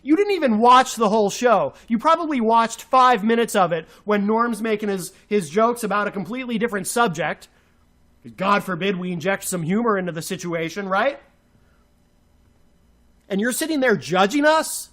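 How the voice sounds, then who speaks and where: A man's voice: high voice, expressive, moderate pace, a bit bright. A man co-hosting a radio show, ranting furiously with sarcastic, insulting outbursts. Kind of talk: angry on-air rant.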